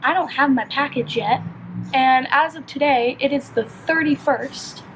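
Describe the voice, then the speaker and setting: Young female vlogger from California, high voice, chatty and filler-heavy, telling a story while doing her makeup at home. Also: a little slow, noisy background. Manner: chatty, filler-heavy, animated retelling with lots of "like". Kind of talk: casual get-ready-with-me storytelling.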